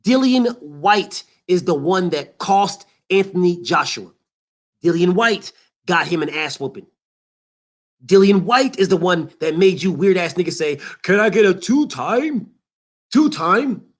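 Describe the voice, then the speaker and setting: A man's voice: sits high, expressive, measured pace. A man hosting a boxing show, ranting in a heated, emphatic and profane way and repeating his points. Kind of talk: boxing commentary rant.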